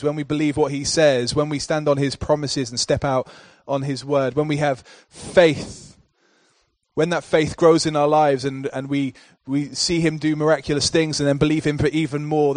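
A male pastor delivering a sermon in a rhythmic, repetitive cadence that builds to forceful declarations. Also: on the high side, no echo.

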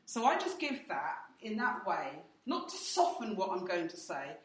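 A woman of medium pitch leads a church training at normal speed, her voice swinging widely in pitch. She speaks directly, teaching through her own anecdotes and acting out quotes, recorded from afar in an echoey room.

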